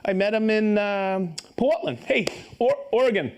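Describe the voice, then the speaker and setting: Lively upbeat man hosting a live stream. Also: sits high, a little slow. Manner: upbeat, reads viewer names and places, jokes and stumbles on pronunciations. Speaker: host of a live tool show. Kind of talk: live-stream shout-outs to viewers.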